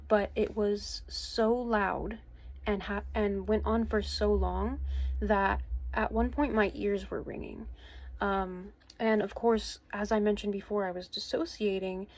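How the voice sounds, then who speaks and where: A hesitant, earnest woman in her twenties vlogs from her bedroom at home, giving a personal account to the camera. Her mid-range voice is a little mellow, and she pauses and restarts often.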